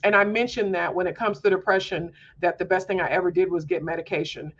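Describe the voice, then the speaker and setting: A woman's voice: fairly low pitch, steady tone, quick pace, a bit bright, breathy edge. Earnest confiding woman, muffled recording. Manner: earnest and confiding, heavy use of fillers like "um" and "like". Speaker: homeschool mom podcast host. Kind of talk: candid personal monologue.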